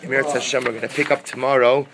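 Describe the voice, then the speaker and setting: A man's voice: mid-range voice, level tone, fast talker, noisy background. Male Talmud teacher, explains each passage, rhetorical questions, daily class. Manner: reads Aramaic text then explains it, with repeated rhetorical questions.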